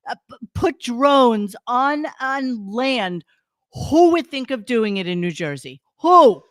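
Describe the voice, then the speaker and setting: A woman's voice: a little high, animated, slow, dry recording, studio quality. A woman co-hosting a casual commentary podcast, blunt and exasperated, swearing freely. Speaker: podcast co-host.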